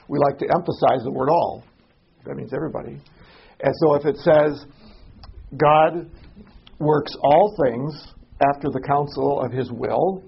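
A man teaching an adult Sunday school class in a church classroom, halting and repeating himself as he puts questions to the class. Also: mid-range voice, gravelly, breathy edge, muffled recording. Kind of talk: informal Bible class teaching.

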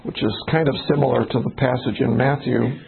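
A man's voice: mid-range voice, fairly even intonation, brisk, creaky, narrow, tinny audio, a little hiss or hum. A man leading an informal Bible study, talking conversationally, restarting sentences and acting out little exchanges. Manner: conversational, restarts often, acts out little dialogues. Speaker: pastor.

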